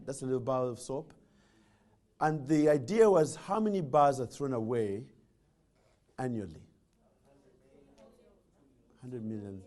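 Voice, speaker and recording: A man from Uganda, giving a humorous motivational speech as a guest speaker and telling stories with jokes and frequent restarts. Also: a little high. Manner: animated storytelling with jokes and repeated restarts.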